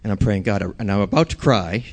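A man's voice: on the low side, brisk. A man preaching a sermon, telling a personal story and asking the audience questions.

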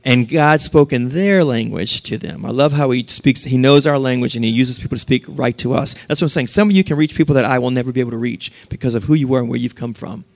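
A man's voice: medium pitch, fast talker, few pauses. A man preaching a sermon, reading scripture aloud and animatedly acting out the voices of the people he quotes.

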